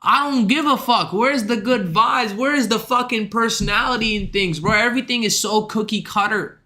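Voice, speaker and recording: A man's voice: high voice, normal speed, pushed and bright. A young man streaming, ranting in a casual, profane, slangy way to his chat. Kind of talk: livestream rant.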